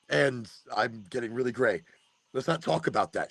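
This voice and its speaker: A gravelly, slightly husky man in his forties talks in a loose podcast monologue. His pitch swings widely as he acts out his own thoughts. The sound is dry and close. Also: moderate pace, no echo. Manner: animated, swears, acts out his own inner talk. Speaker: podcast host. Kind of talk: casual monologue.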